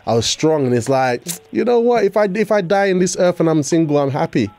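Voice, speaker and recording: Male host, lively and laughing, higher register, faint music behind. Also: a little fast. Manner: animated, laughs often, bursts into sing-song. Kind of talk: casual chat.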